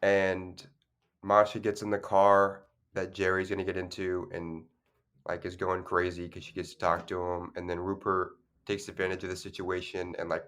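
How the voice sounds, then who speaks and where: A man's voice: sits low, a bit bright. A man co-hosting a podcast, chatting casually about a movie in a loose, rambling way with plenty of fillers and restarts. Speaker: podcast co-host. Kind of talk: casual film discussion.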